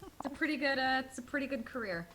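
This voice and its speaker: A woman with a slightly high voice who cracks wry jokes in a relaxed panel chat. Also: fast talker, a little hiss or hum. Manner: joking, wry. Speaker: voice actor.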